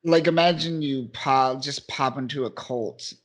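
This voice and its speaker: A man's voice: medium pitch, measured pace. A man co-hosting a podcast, casually recapping a comic book with lots of fillers and quoted asides. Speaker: podcast co-host.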